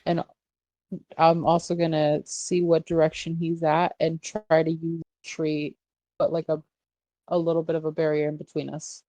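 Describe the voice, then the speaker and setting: A woman playing a tabletop game, thinking out loud with hesitant pauses. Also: sits low, level tone, dry recording. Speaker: player.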